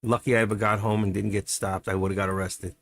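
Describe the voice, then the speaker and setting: Middle-aged guy on a trading stream, lowish voice, mutters and rambles, chuckles through stories. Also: level tone, fast, dry recording. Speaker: livestream host and day trader. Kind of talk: casual live-stream chat while trading.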